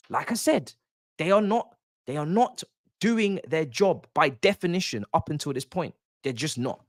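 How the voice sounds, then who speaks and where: Fairly high-pitched and recorded dry with clean studio sound, a young livestream host vents his frustration with his football club. It's casual commentary, peppered with swearing, as he keeps repeating and restarting phrases.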